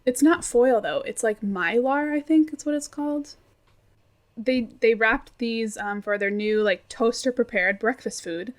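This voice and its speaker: A woman's voice: on the high side, a little slow. A young woman co-hosting a casual podcast chat, reading out facts with giggly asides. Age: young adult. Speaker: podcast co-host presenting research.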